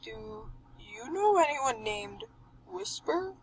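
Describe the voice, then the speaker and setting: A woman's voice: high voice, sing-song, slow, dry recording, pitched above the performer's own voice, exaggerated voice, poor audio. A woman doing a short anxious skeleton. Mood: probing.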